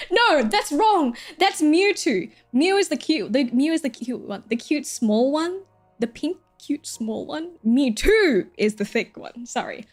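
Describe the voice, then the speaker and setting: A woman's voice: on the high side, a little mellow. A young woman streamer chatting casually, rambling and giggling, swearing freely.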